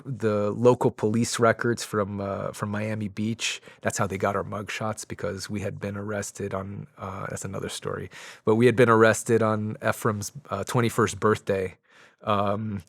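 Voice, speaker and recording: A man's voice: fairly low pitch, level tone, normal speed, vocal fry, dry recording. A man in his forties, a podcast guest, telling a long story in a casual way, rambling with lots of fillers and restarts.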